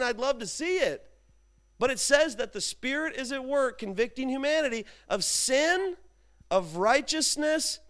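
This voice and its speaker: A man's voice: very high voice, fairly bright tone, clean tone. A man preaching a sermon in an informal, chatty way, telling stories and making asides to his congregation. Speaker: pastor. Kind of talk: conversational sermon.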